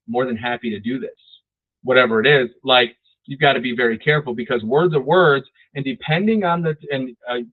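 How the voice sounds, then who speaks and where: A man giving a casual real estate sales training, often repeating words and checking in with "right?". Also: medium pitch. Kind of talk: training talk. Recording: dry, phone-like lo-fi audio.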